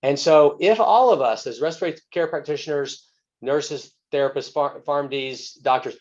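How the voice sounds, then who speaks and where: A man's voice: a little high, normal speed, a little mellow. Earnest man telling a story. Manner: earnest, plain-spoken storytelling. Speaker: physician guest, author. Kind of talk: telling a story from his work. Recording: muffled, lo-fi webinar audio.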